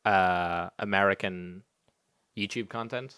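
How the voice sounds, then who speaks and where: A young man co-hosts a casual podcast in a fairly low voice. He trades dry, dark jokes and swears freely, and his recording sounds very dry and close. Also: fairly even intonation, takes it slowly, clean tone, no room sound. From Ireland. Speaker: podcast co-host.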